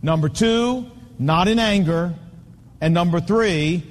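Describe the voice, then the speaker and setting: Fifties guy preaching, high voice, punchy repeated lines, big echoey hall sound. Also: takes it slowly. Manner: emphatic, repetitive preaching cadence with storytelling. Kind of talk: sermon to men on fatherhood.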